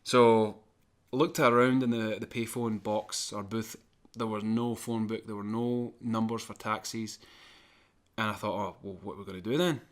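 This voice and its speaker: A man co-hosting a podcast, telling a long personal anecdote in an animated, chatty way and chuckling now and then. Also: fairly low pitch, normal speed. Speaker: podcast co-host. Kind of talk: casual storytelling.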